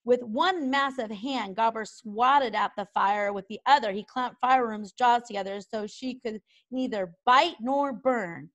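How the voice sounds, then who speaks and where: A woman reading a children's book aloud with expressive narration. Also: a little high, unhurried, hardly any pauses. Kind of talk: storybook read-aloud.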